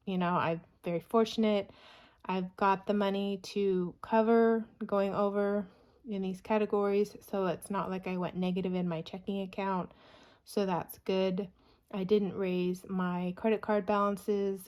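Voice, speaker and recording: A woman's voice: medium pitch, flat delivery, unhurried, darkish tone. A woman vlogger talking casually through her spending, chatty and self-reassuring as she goes over each figure. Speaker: budgeting vlogger. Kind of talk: casual spoken budget review.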